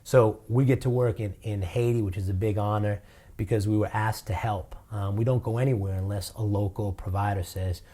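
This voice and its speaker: A man talks earnestly about his work and his town, his voice low and warm. He speaks from the heart and fills his thoughts with easygoing "you know"s. The tone is sincere and personal, like a nonprofit leader being interviewed. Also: fairly even intonation, fairly quick. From Boston, USA. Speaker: nonprofit director. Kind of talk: interview answers.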